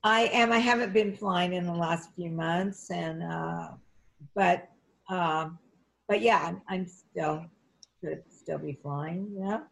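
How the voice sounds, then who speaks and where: A middle-aged woman telling lively anecdotes in an interview, jumping up in pitch as she acts out what people said. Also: takes it slowly, creaky. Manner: animated, acts out quotes in a high excited voice, frequent restarts. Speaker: actress and flight attendant, interview guest. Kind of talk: conversational storytelling.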